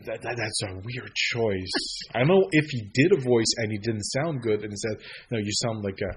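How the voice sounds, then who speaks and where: Husky guy on a movie podcast, lots of ums, trails off. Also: medium pitch, normal speed. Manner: hesitant, many fillers and restarts, trails off quietly. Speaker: podcast co-host. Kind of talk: casual film review chat.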